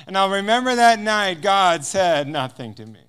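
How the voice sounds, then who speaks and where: A man's voice: sits high, sing-song, normal speed, a bit bright, smooth. A man speaking as a guest speaker, telling a personal testimony and acting out the dialogue with frequent chuckles. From United States. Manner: storytelling that acts out dialogue, chuckling often.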